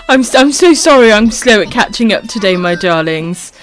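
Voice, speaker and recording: A Welsh woman chatting on a live stream, her voice bouncing all over the place as she reads comments. She calls everyone darling, swears freely and giggles between lines, speaking into a desk microphone. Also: a little high. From Wales. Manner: affectionate, swears freely, laughs often. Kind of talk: casual live-stream chat reading comments.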